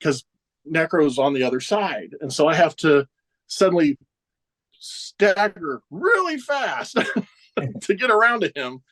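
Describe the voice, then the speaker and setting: Chuckling wrestler spinning backstage stories. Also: male voice, a little high, unhurried. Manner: animated anecdotes, chuckling often, acts out others' lines. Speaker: professional wrestler guest. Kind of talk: casual storytelling interview.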